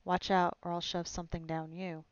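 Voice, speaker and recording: A woman's voice: fairly low pitch, level tone, normal speed, no echo, highs cut off, natural voice. A woman reading a terse grim monster hunter. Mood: stern. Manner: curt, level.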